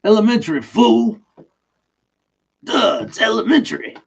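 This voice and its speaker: A man doing a gruff, brash tough-guy impression, barking short clipped lines in a raised voice. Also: high voice, lively intonation, a little slow, highs cut off, pitched above the performer's own voice, heavily acted. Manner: barked catchphrases, clipped and loud.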